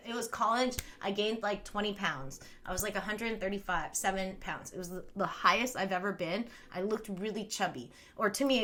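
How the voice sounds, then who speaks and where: A woman's voice: mid-range voice, pushed and bright. A woman in her thirties chatting casually on a live stream, rambling, laughing often and reading viewer comments aloud. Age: 30s.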